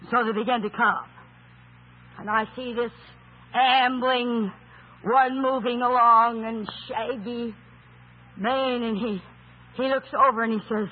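High, husky, slow-preaching man. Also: steady tone. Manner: emphatic, rising to shouts for stress; rhetorical questions, storytelling. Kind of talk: sermon. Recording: tinny phone-like sound.

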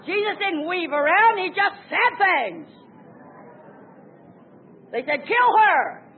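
High-voiced woman preaching a fervent sermon. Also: expressive, slow. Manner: emphatic, swings from loud exclamations to hushed asides. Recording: tinny phone-like sound with faint noise.

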